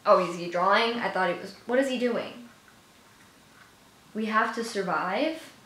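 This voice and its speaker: A woman's voice: mid-range voice, measured pace, fairly bright tone. A woman reacting to a music video, gushing, giggling and talking to herself. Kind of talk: excitable reaction commentary. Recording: echoey room with music playing. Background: music video playing.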